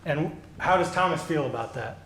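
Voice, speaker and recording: A male pastor giving a children's sermon, gently asking the children questions and answering them. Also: a little high, lively intonation, normal speed, a little hiss or hum. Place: church sanctuary. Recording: echoey church.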